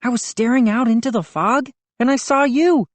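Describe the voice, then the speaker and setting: A woman's voice: fairly high pitch, moderate pace, no room sound, pitched above the performer's own voice, lightly acted. A woman voicing a big, bullying neighbor boy who taunts and threatens. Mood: taunting.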